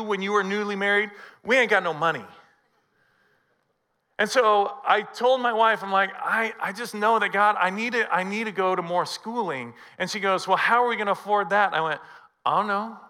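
Bright-voiced preacher man. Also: high-pitched. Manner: storytelling preacher, acts out dialogue. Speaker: pastor. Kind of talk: sermon.

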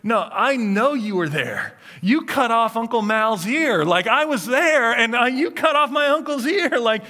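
A man's voice: very high-pitched, a little slow, few pauses, pitched above the performer's own voice, exaggerated voice. A man voicing a suspicious young man who insists he recognizes a stranger. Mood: accusing. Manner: excited, insistent.

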